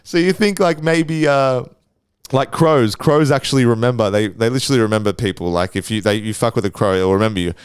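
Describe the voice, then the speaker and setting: Recorded dry in clean studio sound, a mid-range, clean-toned Australian man speaks briskly as he hosts his own casual solo podcast. He rambles, stays crude, swears nonstop, and often starts his sentences over.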